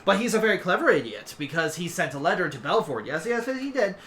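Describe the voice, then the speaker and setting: A shrill, bright two-headed dragon king, as a man puts him on in a tabletop game. He tumbles through "yes, yes, yes" with oily, greedy delight, and his two heads squabble and correct each other. The voice rides high and loud, never quite sitting still. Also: big pitch swings, fast, slight background noise. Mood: scheming. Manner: babbles "yes, yes" over and over, heads bicker.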